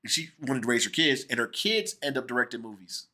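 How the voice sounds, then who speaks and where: A man's voice: mid-range voice, a little fast. A man hosting a casual film review chat with his sister, telling stories and acting out what people said. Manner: animated storyteller who acts out quoted people.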